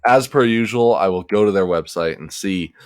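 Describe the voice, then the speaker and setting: A man's voice: on the low side, moderate pace, clear, resonant tone, no room sound, clean studio sound. A man hosting a casual podcast, rambling easygoing through sponsor segments. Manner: rambling, easygoing, repeats words. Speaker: podcast host. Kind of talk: casual podcast chat, reading sponsor ads.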